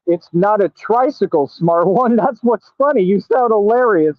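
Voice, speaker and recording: A man on a livestream brags and tells off his audience in street slang. His voice sits fairly high for a man. The sound is tinny and dry, as if heard over a phone, with no room around it. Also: lively intonation, normal speed, few pauses, no room sound. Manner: boastful, scolding, streetwise slang. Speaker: livestream host. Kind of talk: confrontational livestream talk.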